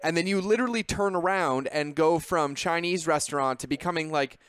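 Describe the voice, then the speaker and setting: A man's voice: a little high, fairly quick, a bit bright, clear, resonant tone, no echo. A man hosting a podcast, enthusiastic and admiring as he talks with his guest. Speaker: podcast host. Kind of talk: casual interview chat.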